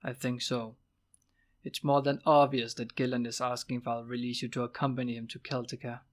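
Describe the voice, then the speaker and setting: A dry, thoughtful old ranger teacher, as a man reading an audiobook puts him on. He speaks low and measured, with understated teasing. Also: flat delivery, natural voice.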